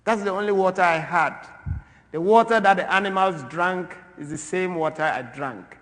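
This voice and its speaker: A man from Ghana giving an impassioned talk in a church, swinging between loud, forceful bursts and quiet asides. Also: sits high, normal speed. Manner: animated, swings from loud to soft. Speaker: speaker at a church. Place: large church. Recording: long reverb of a large church.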